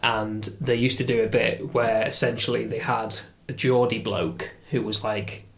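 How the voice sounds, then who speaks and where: A man, a guest in casual podcast chat, telling stories in an animated way with lively asides. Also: fairly low pitch, moderate pace, creaky.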